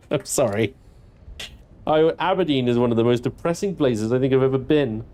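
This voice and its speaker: A young British gaming livestreamer talks to his viewers at normal speed in a dark-toned voice. He's chatty and casual, laughing frequently, swearing freely, and squealing high-pitched in pretend outrage.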